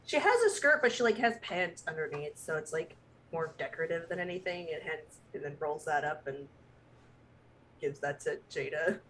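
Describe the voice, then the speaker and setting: A woman's voice: sits low, expressive, normal speed, fairly bright tone, slight background noise, low-quality recording. A woman playing in a tabletop game, casually describing what her character does. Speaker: player.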